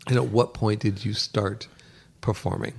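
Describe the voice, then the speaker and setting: A man's voice: fairly low pitch, fairly even intonation, unhurried, creaky, a little mellow, slightly rough. A man hosting a podcast, asking questions in a casual, teasing way. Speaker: podcast host. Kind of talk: casual interview chat.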